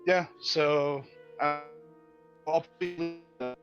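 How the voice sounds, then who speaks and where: A man at a tabletop game recounts events hesitantly, with many pauses and restarts. His voice sits fairly high, and the recording sounds dull and lo-fi. Faint music plays behind him. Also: fairly even intonation. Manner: hesitant, halting. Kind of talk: casual game table chat.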